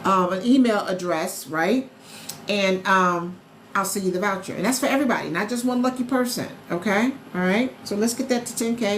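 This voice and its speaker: A woman's voice: mid-range voice, normal speed, a little hiss or hum. Chatty woman hosting a live stream, roomy echo. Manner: chatty and upbeat, greets followers by name, repeats key points. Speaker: live stream host recruiting travel agents. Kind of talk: casual sales pitch on a social live stream. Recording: roomy echo with faint background ambience.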